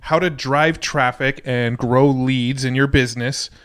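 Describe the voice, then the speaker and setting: A man co-hosting a podcast, introducing the episode in a relaxed, upbeat, plain-spoken way. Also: mid-range voice, a little slow, clear, resonant tone. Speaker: podcast co-host. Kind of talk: casual podcast intro and chat.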